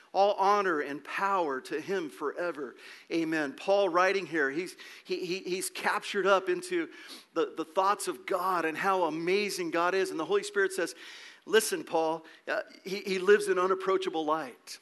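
Bright-voiced male pastor preaching. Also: high-pitched, normal speed. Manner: emphatic, asks rhetorical questions, repeats words. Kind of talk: sermon.

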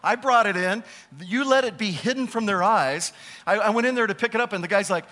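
Preaching as a pastor, a man with a voice that sits high talks fast and animatedly, stretching key words and dropping into a chatty tone for personal stories.

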